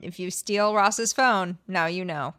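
A woman co-hosting a podcast, reacting with quick, amused comments. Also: fairly low pitch, sharp tone. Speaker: podcast co-host. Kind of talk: casual chat.

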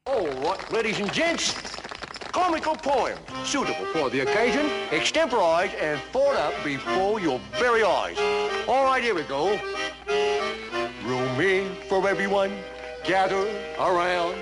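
A man's voice: sits high, sing-song, a little slow. An actor playing a showy male Cockney street entertainer in a film scene, with a put-on Cockney accent and a theatrical, sing-song delivery. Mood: jaunty. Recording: film clip with loud accordion music.

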